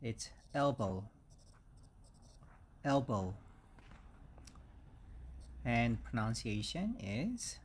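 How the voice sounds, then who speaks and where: A man teaching English vocabulary, speaking slowly and repeating each word several times for learners. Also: medium pitch, sing-song, slight background noise. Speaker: English instructor. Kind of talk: slow vocabulary lesson.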